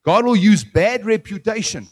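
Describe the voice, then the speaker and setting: High-voiced man preaching a sermon. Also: moderate pace. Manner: animated, asks the audience questions.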